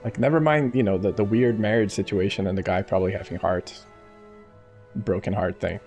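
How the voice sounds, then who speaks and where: A man streaming a game live, talking casually in a rambling, halting way. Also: lowish voice, steady tone, a little mellow, soft background music. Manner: rambling, halting, many restarts.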